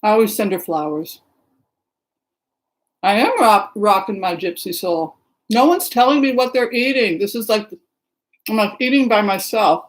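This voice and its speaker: A woman's voice: medium pitch, normal speed, pauses often, rough recording. A middle-aged woman from the Seattle area, chatting casually and rambling as she greets viewers by name during a livestream. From Seattle area, Washington. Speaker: livestream host. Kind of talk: casual chat with live viewers.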